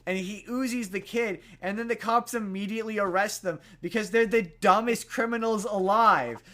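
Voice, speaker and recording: A man's voice: high-pitched, moderate pace, sharp tone. A young man co-hosting a podcast, casually retelling a movie plot with lots of fillers and restarts. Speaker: podcast co-host. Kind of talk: casual chat.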